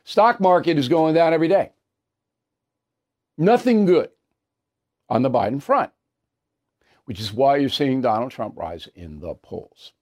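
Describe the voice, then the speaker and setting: A man's voice: medium pitch, animated, a little slow, pauses often, a little mellow. Emphatic opinion news host, man. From New York. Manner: emphatic, repetitive, blunt.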